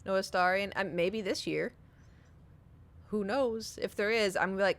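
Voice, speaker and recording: Her pitch sits in the middle and her speed is normal, though she leaves long pauses. This young adult streamer is recounting a story to her chat, lively and full of giggles, dropping casual swears.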